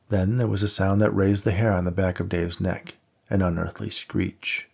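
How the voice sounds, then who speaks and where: Gravelly low-voiced man narrating an audiobook. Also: flat delivery, moderate pace, darkish tone. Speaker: author reading his novel.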